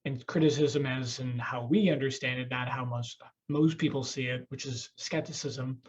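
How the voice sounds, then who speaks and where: A man's voice: mid-range voice, fairly even intonation, normal speed, breathy edge, dull audio. A man hosting a podcast, chatting casually, joking and swearing, rambling with restarts. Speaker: podcast host.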